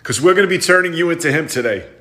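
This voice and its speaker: Animated New York dad, roomy sound. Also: male voice, a little high, racing. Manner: exaggerated, grumbling, animated. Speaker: father in comedy skits. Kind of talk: comedic skit acting.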